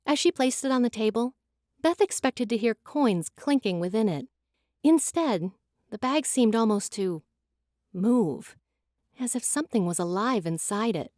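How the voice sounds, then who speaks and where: A woman giving an expressive, dramatic scripted narration of a fantasy audiobook. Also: on the high side, no echo, clean studio sound.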